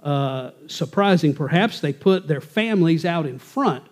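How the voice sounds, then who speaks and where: A man's voice: on the high side, lively intonation, a little slow, darkish tone. A man teaching a Bible class in a conversational, folksy way, reading verses aloud and explaining them.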